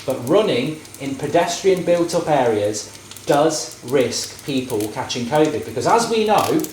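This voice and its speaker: A man's voice: on the high side, expressive, a little slow, darkish tone, slight background noise. Rambling, jokey man in an echoey kitchen. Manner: rambling, jokey, opinionated rants. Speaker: vlogger cooking on camera. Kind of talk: casual chat while cooking. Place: home kitchen. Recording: echoey kitchen with frying sizzle. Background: frying and sizzling.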